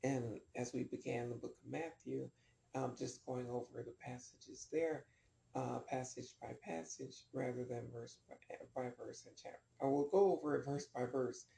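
A man's voice: medium pitch, fairly even intonation, moderate pace, vocal fry, mellow, echoey room. A man teaching a casual Bible lesson, rambling with many ums and restarts.

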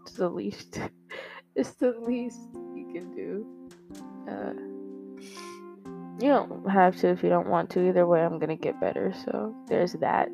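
A young woman talks into a microphone for her podcast, rambling through a candid confessional monologue with many fillers and some swearing. Her lowish voice is creaky and unhurried, with frequent pauses. The lo-fi audio sounds dull, with faint guitar music behind her.

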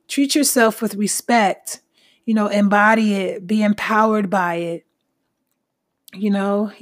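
Speaking in a mid-range voice with a darkish tone, this woman hosts her own podcast and rattles off a casual self-help monologue. Her style is blunt, emphatic, and heavily profane, with audible shortness of breath.

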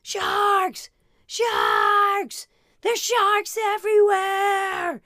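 A panicked little girl shrieks in a high, piercing voice, as a woman puts her on. She sounds frantic and terrified, shouting loudly. She is pitched well above the performer's own voice. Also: sing-song, very slow, no echo, clean studio sound, heavily acted. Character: panicked little girl screaming about monsters.

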